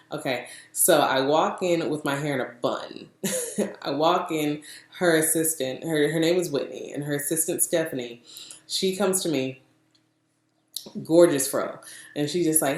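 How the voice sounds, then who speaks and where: A young adult woman telling a story in a casual vlog, chatty and animated, laughing often and acting out what people said. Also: sits low, moderate pace. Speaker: vlogger. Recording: roomy echo.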